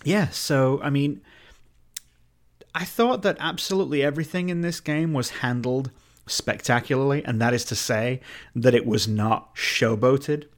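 A man's voice: mid-range voice, a little slow. A man co-hosting a podcast, joking and swearing casually while discussing a video game. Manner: lively, jokey, swears casually. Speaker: podcast co-host.

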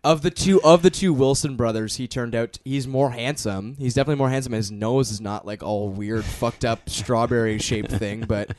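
A man's voice: medium pitch, normal speed, few pauses, a little mellow. A man in casual conversation about movies and shows, opinionated and blunt, swearing casually. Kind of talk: casual chat.

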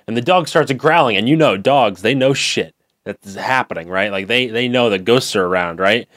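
A man co-hosting a casual podcast, telling a rambling, deadpan improvised story while recording from bed under the covers. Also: mid-range voice, normal speed, no room sound, clean studio sound. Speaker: podcast co-host.

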